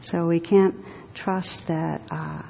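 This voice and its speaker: A woman giving a dharma talk as a meditation teacher, speaking slowly and reflectively with touches of gentle humor. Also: steady tone, gravelly. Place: hall with a live audience. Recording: reverberant hall, dull sound, faint rumble.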